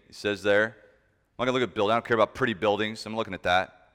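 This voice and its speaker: A man preaching a sermon, emphatic, shifting between loud stressed points and soft asides. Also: on the low side, fairly even intonation, fast. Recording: long reverb of a large hall.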